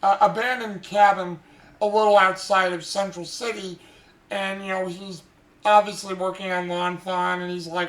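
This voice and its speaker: A man's voice: high-pitched, steady tone, moderate pace, a bit bright. A man hosting a podcast, casually recapping an anime episode in a rambling way with lots of fillers. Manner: rambling, many fillers and restarts. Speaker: podcast host. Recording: roomy echo.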